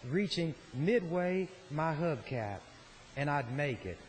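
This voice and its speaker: A man giving a slow, deliberate, sardonic floor speech as a state senator in a legislative chamber. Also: a little high, expressive, slight background noise, rough recording.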